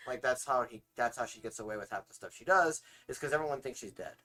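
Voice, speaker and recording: A man co-hosting a casual film review with his wife, relaxed, correcting names and filling in plot points. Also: medium pitch, fast talker.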